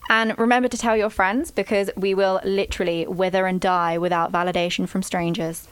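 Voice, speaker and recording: A woman's voice: mid-range voice, level tone, fairly quick, smooth, no echo. A young British woman co-hosting a podcast, chatting casually with a dry, teasing wit. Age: young adult. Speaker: podcast co-host. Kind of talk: casual chat.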